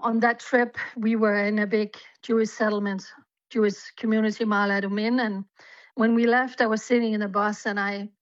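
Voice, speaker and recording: A woman's voice: mid-range voice, level tone, normal speed, no room sound. Woman telling her story, lo-fi line. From Denmark. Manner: earnest, fervent storytelling with fillers. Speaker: guest, journalist.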